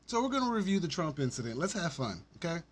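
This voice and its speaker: A man's voice: a little high, very animated, quick pace, husky. A man hosting his own podcast, ranting in a profane, sarcastic and rambling way. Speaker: podcast host. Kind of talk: ranting solo commentary.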